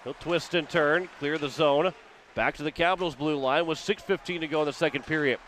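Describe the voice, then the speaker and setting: A man from Missouri with a fairly high voice calls radio hockey play-by-play, narrating every pass in a quick running patter. His voice climbs and gets louder as a shot develops, and a faint hiss sits under the broadcast. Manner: rapid running description, rising with the action. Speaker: play-by-play announcer.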